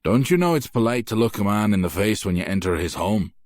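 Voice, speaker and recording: A man's voice: on the low side, lively intonation, a little fast, a little mellow, no room sound, clean studio sound, lightly acted. A male narrator voicing a scornful, menacing Irish mob boss with an Irish brogue in an audiobook. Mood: mocking. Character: mocking brutal Irish mob boss, older man. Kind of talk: audiobook character voice.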